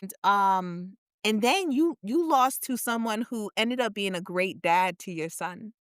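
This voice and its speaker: A woman's voice: mid-range voice, expressive, unhurried, clear, resonant tone, dry recording, studio quality. A woman co-hosting a casual podcast chat, emphatic and repetitive as she draws out her points. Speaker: podcast co-host.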